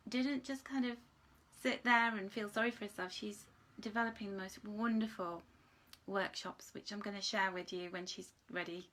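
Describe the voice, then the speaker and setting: A woman's voice: mid-range voice, fairly bright tone. A woman giving a live angel card reading, talking in an emotional, gushing way and close to tears. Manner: emotional, gushing, tearful at times. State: tearful.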